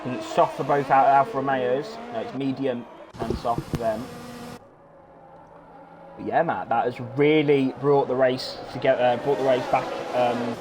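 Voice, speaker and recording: A man commentating live on an online racing league, chatting with his co-commentator and getting excited at big moments. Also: moderate pace, noisy background. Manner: excitable, gets loud and high at restarts. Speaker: race commentator.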